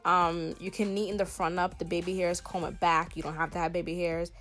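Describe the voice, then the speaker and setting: A woman in her twenties with a Southern US country accent chats to camera through a hair tutorial as a beauty vlogger, playful and emphatic, with lots of fillers. Her voice sits on the low side with little pitch movement and a fairly bright tone, she talks fairly quickly, and soft music plays in the background.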